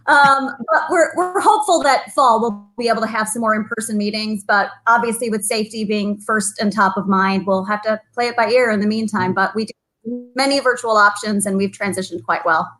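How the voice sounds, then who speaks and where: A woman's voice: medium pitch, fairly bright tone. A woman chamber of commerce president as a guest, chatting upbeat and talkative over a video call. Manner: upbeat, talkative, quick to laugh. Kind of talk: casual interview chat.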